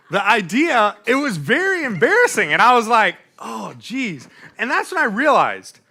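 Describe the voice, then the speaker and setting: A young man preaching a sermon in a church, telling a funny personal story with animated delivery and laughing at himself. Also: sits high.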